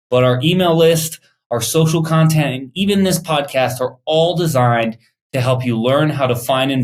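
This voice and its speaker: Male podcast host, upbeat intro delivery, mid-pitched voice. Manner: upbeat, with some filler words.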